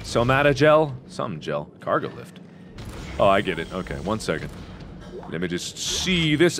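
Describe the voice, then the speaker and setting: A young man in his twenties doing loud, excitable gaming commentary, swearing and yelling at enemies. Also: mid-range voice, a little slow, soft background music. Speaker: let's play host.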